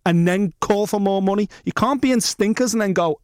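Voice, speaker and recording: A man's voice: high-pitched, a little fast, few pauses, darkish tone, no echo, clean studio sound. A man co-hosting a sports podcast, talking casually and bluntly, swearing freely and ranting. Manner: blunt, swears freely, rants with mock quotes. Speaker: podcast co-host.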